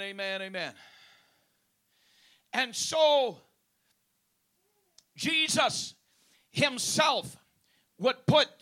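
A male preacher with a strikingly high, bright voice, delivering a sermon at an unhurried, deliberate pace. He leans on key words, stretching them for emphasis, and breaks up his points with praise and amens. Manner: punctuates with praise and amen.

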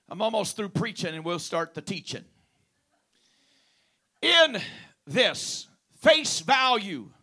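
High-voiced, emphatic male preacher. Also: bright, forceful tone. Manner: emphatic, drawing out key words; punctuates with praise and amen. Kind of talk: sermon.

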